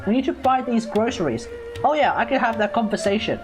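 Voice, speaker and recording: A woman's voice: a little high, animated, fairly quick. An Australian woman streaming games, chatting casually and rambling, often correcting herself. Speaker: gaming streamer. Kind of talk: casual live stream chat. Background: background music.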